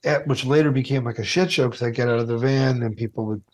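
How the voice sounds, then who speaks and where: Animated, profane male storyteller. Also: mid-range voice, quick pace. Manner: animated, swearing, acts out voices. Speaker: TV food show host, interview guest. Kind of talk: casual interview storytelling.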